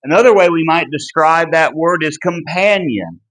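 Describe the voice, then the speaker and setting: A man teaching a Bible class, earnest and emphatic, with a deliberate delivery and small restarts. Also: a little high, animated, fairly bright tone, low-quality recording. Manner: earnest and emphatic, pleading in tone when driving a point home. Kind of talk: Bible study lesson.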